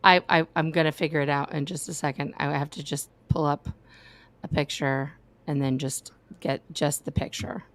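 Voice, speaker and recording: Excited woman on a live stream. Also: low-pitched, moderate pace. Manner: excited, gushing, directing others. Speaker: guest panelist. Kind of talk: casual live-stream chat.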